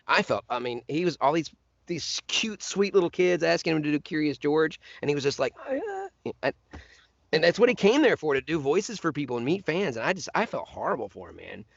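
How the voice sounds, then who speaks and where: A man's voice: fairly high pitch, a little fast, vocal fry, no echo, lo-fi sound. A man, a voice actor guest, telling stories in casual chat and slipping into other voices as he goes. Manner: animated, slips into voices and laughs while telling stories.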